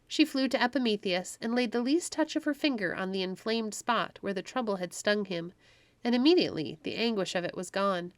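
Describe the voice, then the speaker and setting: A woman reading a classic story aloud for families. Her telling is gentle and expressive, and the sound is dry and close. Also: mid-range voice, no room sound. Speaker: storybook narrator.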